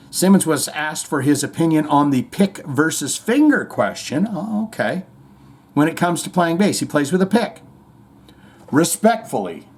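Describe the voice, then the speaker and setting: Animated, sarcastic male podcast host. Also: medium pitch. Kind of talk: comedic commentary on played clips.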